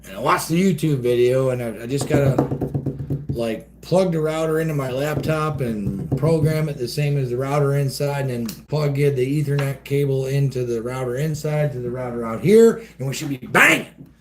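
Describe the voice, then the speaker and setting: A man's voice: mid-range voice, normal speed, noisy background. A man hosting a casual livestream, ranting in a profane, folksy way and reacting to chat from an outdoor shed with the door open. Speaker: livestream host reading chat.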